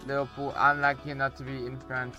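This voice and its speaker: A young man commentating a football video game on a borrowed microphone, with excitable play-by-play and rambling asides. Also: mid-range voice, a little fast, soft background music. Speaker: gaming YouTuber. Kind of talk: casual gameplay commentary. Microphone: borrowed cheap microphone.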